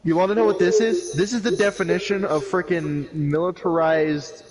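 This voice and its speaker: A man's voice: high-pitched, moderate pace, over a noisy crowd, low-quality recording. A man on a gaming livestream, animatedly narrating what happens in the game and acting out the other characters' lines. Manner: animated storytelling, acts out other people's lines. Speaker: streamer.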